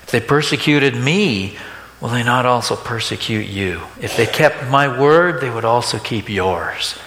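A male pastor gives a plain, conversational sermon, often turning to the congregation with quick rhetorical questions. His middle-pitched, fairly bright voice has lively intonation and rings with long reverb through a large hall, over slight background noise.

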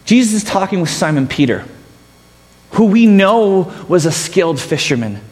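A man's voice: high-pitched, sing-song, moderate pace, in a large hall. A man preaching a sermon as pastor, telling stories with self-mocking humor.

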